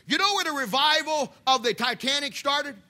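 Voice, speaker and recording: Fired-up preacher guy, really high and sharp sounding, yells then goes quiet. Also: expressive, moderate pace. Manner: fiery, swings from shouting to hushed. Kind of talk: sermon.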